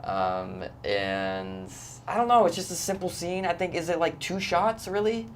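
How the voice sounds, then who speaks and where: A man's voice: high voice, big pitch swings, measured pace, slight background noise. A man, an actor being interviewed, talking in a laid-back, hesitant way with lots of ums. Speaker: actor guest. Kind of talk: casual interview chat.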